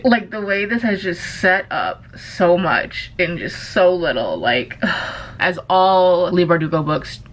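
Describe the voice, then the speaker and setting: A young woman vlogs about a book in casual chat, excitable and gushing, with swearing here and there. Her voice sits a bit low for a woman. A faint hiss runs under the recording. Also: slow pace. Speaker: book vlogger.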